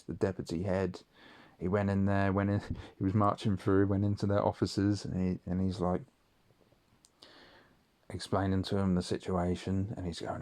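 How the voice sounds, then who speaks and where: Man, mellow and dark-toned, telling slow, rambling stories with frequent ums. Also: low-pitched, no room sound. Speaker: vlogger. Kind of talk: late-night rambling storytelling.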